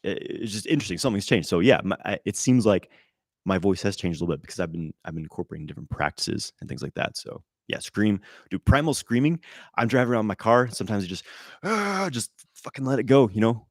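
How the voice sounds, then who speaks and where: A man answering viewer questions on a live stream, loose and animated, swearing, with many fillers and restarts. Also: lowish voice, no echo, clean studio sound. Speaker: qigong teacher answering live chat questions.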